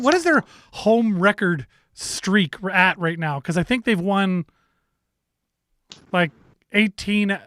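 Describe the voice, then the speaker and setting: Man, sports talk host, bright tone, dry close sound, casual rambling chat. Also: sits high, clean tone, dry recording. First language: bilingual in French. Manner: rambling, self-correcting, laughs easily.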